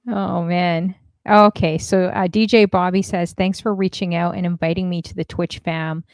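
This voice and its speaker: A woman's voice: fairly low pitch, fairly even intonation, normal speed, darkish tone, smooth, no room sound, clean studio sound. A woman hosting a casual livestream, chatting and reading viewer messages aloud with lots of fillers. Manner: chatty, many fillers, reads comments aloud. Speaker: stream host.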